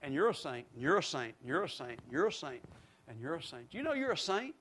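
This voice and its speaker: A man's voice: a little high, sing-song, fast talker, a bit bright, a little hiss or hum. A middle-aged man preaching a sermon, leading the congregation in call-and-response. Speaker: pastor.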